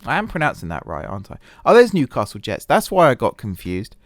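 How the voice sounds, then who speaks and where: A man's voice: mid-range voice, wildly swooping pitch, fairly quick, no echo, studio quality. A man hosting a gaming channel, chatting casually over a management game, rambling and poking fun at himself with many fillers and restarts. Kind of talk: casual let's-play commentary.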